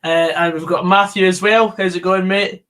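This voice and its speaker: A man's voice: sits high, level tone, normal speed, sharp tone. A man hosting a live football stream, chatting casually with co-hosts and reading out viewer comments, with plenty of fillers.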